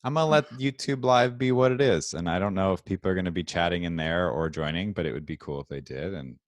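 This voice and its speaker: Low-voiced man hosting a video call. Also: fast, no room sound. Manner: upbeat, scattered, self-interrupting. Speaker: host. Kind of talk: casual livestream chat.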